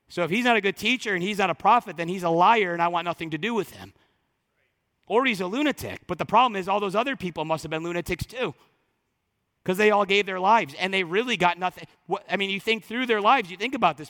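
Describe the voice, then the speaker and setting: High-voiced impassioned male preacher. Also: long reverb tail. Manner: impassioned preaching that swings from loud to hushed. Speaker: pastor. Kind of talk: sermon.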